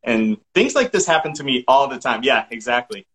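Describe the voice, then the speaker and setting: A middle-aged man with a Massachusetts accent chats casually as a podcast guest. His voice is bright and his talk is loose, full of restarts and laughter. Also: mid-range voice, very animated, brisk, low-quality recording. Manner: chatty, laughs often, restarts sentences.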